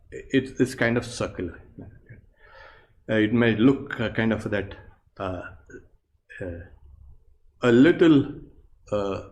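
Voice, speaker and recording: A man, a monk and yoga teacher, giving a meditation class in a measured, explanatory way with many pauses. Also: medium pitch, a little mellow. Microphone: online class recording.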